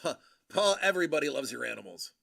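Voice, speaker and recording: A man hosting a casual livestream, joking and teasing his viewers with quick asides. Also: medium pitch, very animated, gravelly, pushed and bright. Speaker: livestream host, collector.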